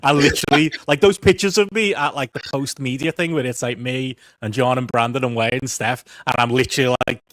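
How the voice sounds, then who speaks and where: A man's voice: mid-range voice, fairly even intonation, fairly quick, hardly any pauses, a bit bright, dry recording. A British man in his thirties hosting a podcast, talking in a chatty, self-mocking way and swearing freely. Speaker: podcast host. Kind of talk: casual chat.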